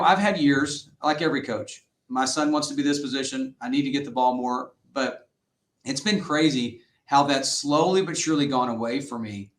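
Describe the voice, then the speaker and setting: A middle-aged man coaching high school football talks earnestly through his stories, slipping into the voices of the people he quotes. His voice sits at an ordinary pitch for a man. The recording carries a noticeable room echo. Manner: earnest, animated storyteller who acts out quotes. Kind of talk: interview guest storytelling. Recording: roomy echoey sound.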